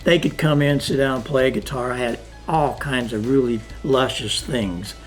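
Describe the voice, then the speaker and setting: A man's voice: medium pitch, unhurried, soft background music. An older man telling stories in a casual interview, acting out the dialogue as he goes. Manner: animated storyteller, acts out quoted dialogue. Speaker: interviewee, sound engineer. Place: home studio.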